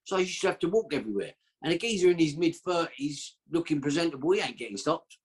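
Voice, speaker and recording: A man's voice: a little high, lively intonation, fast talker, husky. A man telling a long story as a podcast guest, rambling and slangy, with a streetwise way of talking. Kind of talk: casual storytelling.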